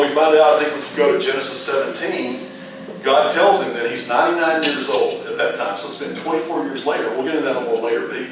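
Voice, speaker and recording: A man's voice: medium pitch, a bit bright. A middle-aged man teaching a casual Bible class, rambling through stories with frequent restarts. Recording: echoey room, mic far off, noisy.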